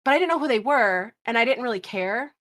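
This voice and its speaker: A woman in her thirties, a podcast guest, telling stories in casual chat, animated and swearing, laughing often. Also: fairly high pitch, fast talker. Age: 30s.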